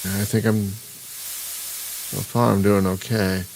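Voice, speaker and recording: A man's voice: fairly low pitch, level tone, takes it slowly, vocal fry, darkish tone, a little hiss or hum. A man hosting a gaming stream, talking casually and rambling over his gameplay with restarts and chuckles. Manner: rambling, self-interrupting, chuckling. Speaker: gaming channel host. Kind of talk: live-streamed gameplay commentary.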